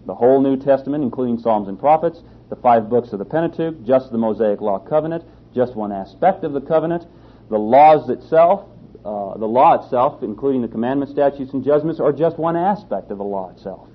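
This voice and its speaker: A man's voice: medium pitch, animated, brisk. A man teaching a sermon on scripture, who speaks emphatically, repeats his key phrases and asks rhetorical questions. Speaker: Bible teacher. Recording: slightly dull lo-fi sound.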